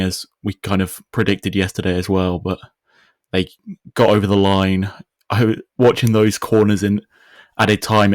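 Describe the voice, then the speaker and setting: A man co-hosting a sports podcast, giving measured, analytical comments in a casual chat. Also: sits low, dry recording, clean studio sound. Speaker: podcast co-host.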